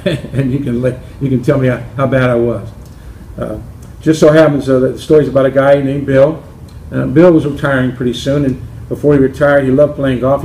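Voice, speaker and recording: A man presenting his golf shaft company and telling a joke, halting with restarts. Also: medium pitch, mellow, slight background noise. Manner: halting, with many restarts and fillers. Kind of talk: company promo talk with a joke. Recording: roomy with faint ambience.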